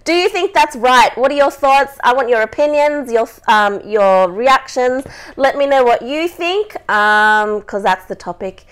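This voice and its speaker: A woman's voice: sits high, animated, measured pace, smooth. A woman hosting a casual live podcast, chatty and rambling, laughing a lot. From Australia. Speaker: podcast host. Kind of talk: casual chat, live stream.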